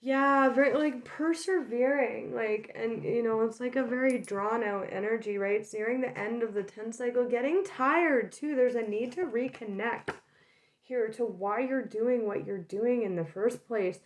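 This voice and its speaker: A woman's voice: fairly high pitch, normal speed. A young woman casually talking through a tarot reading, chatty, with many "like"s and "right?"s. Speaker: tarot reader.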